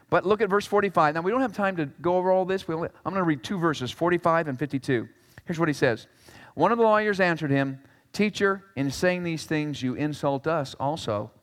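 A male pastor preaching a sermon in an animated way. He swings between loud exclamations and quiet asides and slips in jokes. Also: fairly high pitch, long reverb tail.

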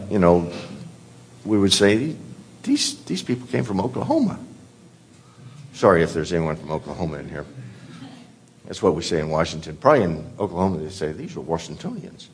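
A man's voice: on the low side, slight background noise. A pastor delivering a sermon, an earnest man who often repeats words as he presses a point.

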